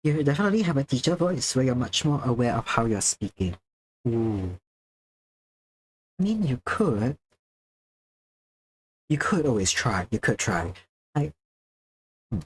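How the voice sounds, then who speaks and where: There's a faint hiss or hum as a young Singaporean man, speaking with the accent of his country, chats casually while drawing on a livestream and answering chat. His mid-range voice swings widely in pitch and moves a little slowly with frequent pauses, yet his enunciation stays careful and precise, projected like a presenter's.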